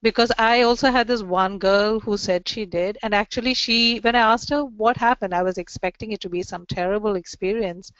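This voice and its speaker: A woman's voice: medium pitch, a little fast, few pauses, fairly bright tone, clear, resonant tone, dry recording. Woman therapist in a webinar discussion, chatty, dry lo-fi call sound. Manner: chatty, often checks in with "right?" and "you know". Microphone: video call mic. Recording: dry, dull lo-fi call audio.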